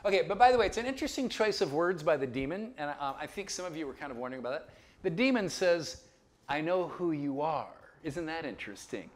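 A man teaches a Bible lecture with a somewhat high voice that rises and falls a great deal. He keeps checking that listeners follow him and drops in chuckling asides. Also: expressive, fast talker.

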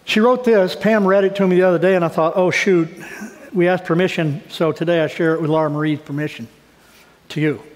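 A man's voice: on the high side, steady tone, fast talker. A middle-aged man pastor giving a sermon, talking conversationally and building to emphatic, raised passages. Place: church sanctuary. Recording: long church hall reverb.

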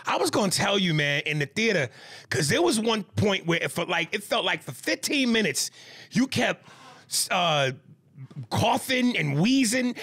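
A middle-aged man co-hosting a podcast, joking and talking crudely in animated, casual chat. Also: sits high, a little slow, husky. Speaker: podcast co-host.

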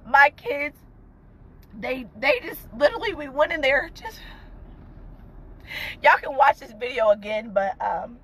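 A high-pitched woman speaks to her viewers from a car while crying. Her talk is fervent and tearful, and she keeps repeating encouraging phrases. She sounds like a mother sharing family news in a casual vlog. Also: expressive, measured pace, long pauses, a bit bright, poor audio. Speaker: vlogger, mother of two young entrepreneurs. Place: inside a parked car.

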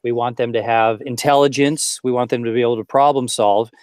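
A man's voice: mid-range voice, fairly even intonation, a little fast, smooth, no room sound, clean studio sound. A man, a teacher co-hosting the show, asking earnest rhetorical questions of his guest. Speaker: co-host, teacher. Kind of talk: podcast interview questions.

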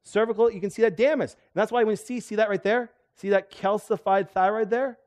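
A middle-aged man, a chiropractor, giving a lively seminar talk and quizzing his audience with questions. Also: high-pitched, a little fast. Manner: animated, asks the audience questions. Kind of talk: live seminar lecture to an audience.

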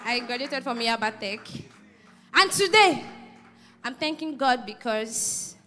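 A woman's voice: on the high side, animated, measured pace, background noise. A woman in her twenties giving an earnest, grateful testimony in church. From Nigeria. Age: 20s. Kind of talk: personal testimony at church service.

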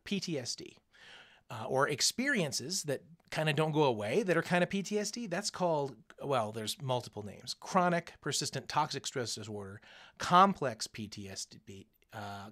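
A man teaching a recorded lesson to students, speaking in a conversational, coaching way and acting out the voices of people he quotes. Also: on the high side. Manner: animated, acts out quoted voices.

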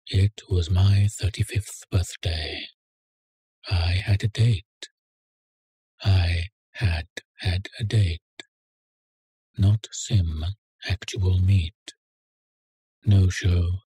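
A man reading a story aloud in a measured, sardonic way. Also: low-pitched, mellow, husky, no room sound. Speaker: narrator. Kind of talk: scripted story narration.

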